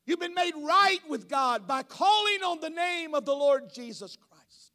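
A man preaching a sermon to a church congregation, building from storytelling to shouting. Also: very high voice, animated, unhurried. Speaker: pastor.

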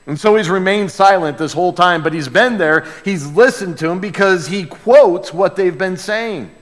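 A male pastor preaching a sermon in a church, emphatic and dramatic, dropping to quiet asides and then rising to loud outbursts. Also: high voice, moderate pace. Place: church sanctuary with a sound booth. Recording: long reverb in a large hall.

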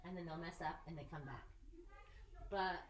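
A woman giving a casual, animated sermon, joking and acting out the people she quotes. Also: deep voice, moderate pace, a little hiss or hum. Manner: animated, jokey, acts out quoted voices. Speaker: preacher. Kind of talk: conversational sermon. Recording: echoey room, mic at a distance.

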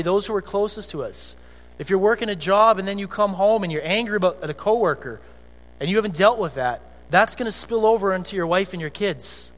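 A man preaching a conversational, animated sermon as a pastor in a church sanctuary. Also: sits high, brisk. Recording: long hall reverb with faint music.

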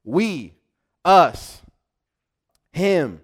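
Man, pastor, sermon, somewhat high-pitched, animated, acts out voices. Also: extremely slow. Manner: animated preaching, acts out little voices, many restarts.

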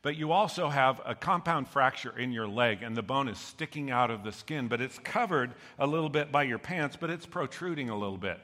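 A male pastor preaching a sermon with a bright, forward voice. He tells the story with animated energy and acts out the voices of its characters. His voice rings with the long reverb of a large hall. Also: mid-range voice, fairly quick, few pauses.

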